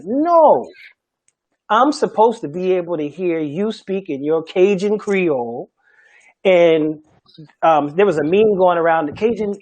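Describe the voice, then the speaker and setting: A middle-aged man from Charleston, a Gullah language teacher, speaking emphatically in an animated panel talk and laughing often. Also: on the high side, dull audio. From Charleston, South Carolina.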